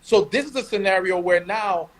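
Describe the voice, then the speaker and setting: New York man, high voice; co-host giving blunt, emphatic relationship advice. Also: normal speed, poor audio. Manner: blunt, emphatic, street slang. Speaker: podcast co-host. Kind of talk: casual advice chat.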